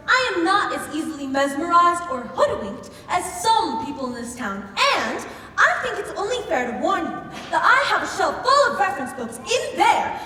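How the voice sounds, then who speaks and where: A woman playing a prim, sharp-tongued young librarian who answers in precise, indignant lines on a community stage. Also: very high voice, a little hiss or hum, exaggerated voice. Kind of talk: stage musical acting. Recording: echoey hall from far off.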